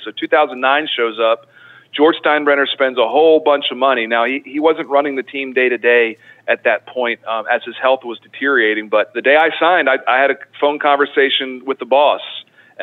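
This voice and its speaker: A man from Baltimore speaks in a mid-range voice over a thin, phone-like line. He talks casually and loosely, with plenty of fillers and restarts. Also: medium pitch. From Baltimore, United States. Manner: conversational, frequent fillers and restarts. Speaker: former ballplayer guest. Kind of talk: casual interview talk.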